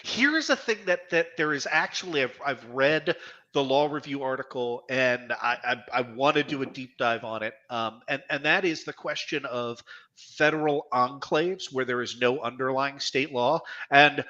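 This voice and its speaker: A man's voice: mid-range voice, normal speed, sharp tone. Emphatic man explaining law over a dull line. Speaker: podcast co-host. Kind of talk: casual live-stream panel chat.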